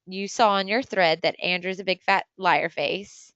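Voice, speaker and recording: Smooth-voiced chatty woman podcast host. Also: mid-range voice, steady tone, a bit bright, no echo, lo-fi sound. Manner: chatty, teasing, quick bursts of talk. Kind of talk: casual chat.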